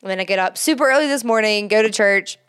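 A woman's voice: medium pitch, quick pace, fairly bright tone, smooth. A woman podcast host telling a rambling, casual story, full of fillers and laughing as she talks. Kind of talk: casual chat.

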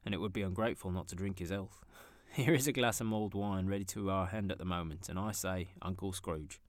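A jolly young party host proposes a hearty toast in a good-humoured, lowish voice, as a male reader plays him. He speaks in a storybook reading with a dry, close sound. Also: brisk, no echo.

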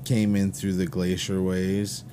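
Minnesotan man, deep voice, podcast guest, easygoing storyteller, faint hiss. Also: completely flat delivery, unhurried, warm tone. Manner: rambling storyteller, many fillers. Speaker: band leader and guest. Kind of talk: casual podcast chat.

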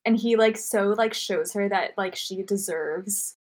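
A young woman co-hosting a casual chat, relaxed and opinionated, with lots of filler words. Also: medium pitch, a little slow. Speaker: podcast co-host. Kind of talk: casual chat about anime.

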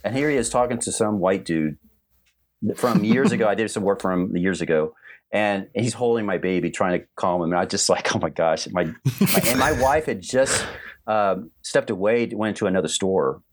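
A man's voice: lowish voice, moderate pace. A middle-aged man casually telling rambling stories about his animation career on a livestream, full of fillers and restarts.

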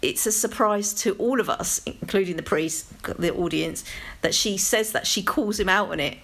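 A woman with a London accent, co-hosting a casual chat about television, rambling with animated asides. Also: mid-range voice, normal speed. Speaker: podcast co-host.

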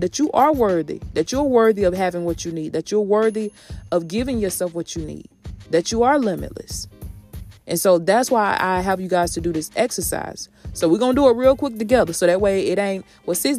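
A woman's voice: medium pitch, a little mellow. A woman hosting a motivational podcast, talking in a sassy, preachy way, calling her listeners sis and honey. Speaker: podcast host.

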